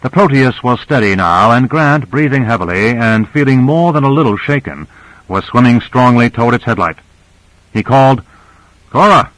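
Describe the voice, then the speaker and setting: Steady male audiobook narrator, dry sound. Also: medium pitch, no echo, poor audio. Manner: steady, measured storytelling.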